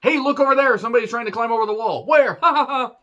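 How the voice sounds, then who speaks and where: A man putting on a mocking high voice for a sneaky young woman wrestler who ducks out of a fight. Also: wildly swooping pitch, moderate pace, sharp tone, slightly rough, muffled recording, exaggerated voice. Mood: sly. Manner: high mocking falsetto, sly and flustered.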